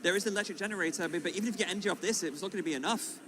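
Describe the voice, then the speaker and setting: Fast-talking man reacting to plays. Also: sits high, noisy background. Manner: quick reactive color commentary with fillers and laughs. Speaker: co-commentator. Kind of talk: live card game commentary.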